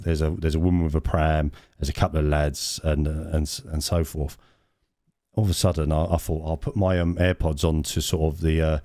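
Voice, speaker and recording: A man with a very low voice tells a long rambling story on a podcast, often stopping to restart his sentences. His voice sits close and dry on the mic. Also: mellow, dry recording. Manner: rambling anecdote with frequent laughs and restarts. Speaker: podcast co-host. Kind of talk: casual storytelling chat.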